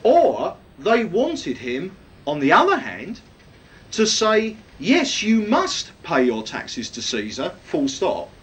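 A man preaches from the Bible, emphatic and frequently posing rhetorical questions to his listeners. He speaks slowly with huge pitch swings and a fairly bright tone, recorded on a distant mic with a faint rumble.

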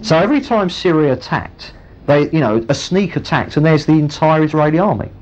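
A man preaching a sermon, retelling a Bible story with lively storytelling. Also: on the high side, a little fast. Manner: storytelling, animated, acts out the characters. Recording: muffled lo-fi recording.

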